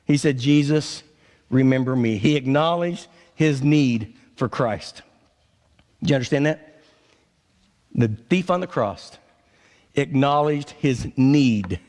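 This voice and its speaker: A man preaching a sermon as pastor, swinging between impassioned declarations and low, drawn-out lines. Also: vocal fry, fairly bright tone. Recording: reverberant church sanctuary.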